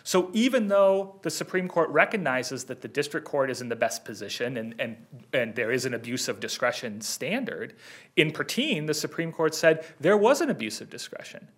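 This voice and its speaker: A man's voice: fairly high pitch, animated. A man arguing an appeal before judges as counsel, earnest and persistent in his answers. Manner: earnest, persistent, fast-talking rebuttals. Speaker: defense attorney. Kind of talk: appellate oral argument.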